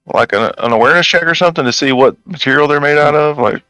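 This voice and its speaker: A man's voice: fairly high pitch, fast talker, pushed and bright, clear, resonant tone, dry recording, rough recording. A man playing a tabletop game, curious and full of questions, chuckling now and then. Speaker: player.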